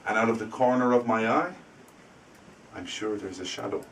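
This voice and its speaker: A man telling a spooky story live to a classroom of language students, dramatic and dropping to a hush for suspense. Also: on the low side, moderate pace. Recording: distant mic, faint room noise.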